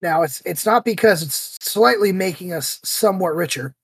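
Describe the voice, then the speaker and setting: A man hosting a podcast, telling stories in a casual, animated way and acting out the voices he quotes. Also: high-pitched, normal speed, husky, no room sound. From United States. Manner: animated storyteller who acts out quoted voices. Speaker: podcast host.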